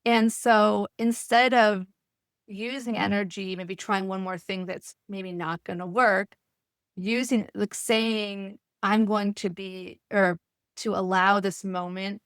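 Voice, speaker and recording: A woman's voice: medium pitch, fairly even intonation, measured pace, smooth, no room sound, studio quality. A woman hosting a podcast interview, thinking aloud in a rambling, self-correcting way. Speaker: podcast host.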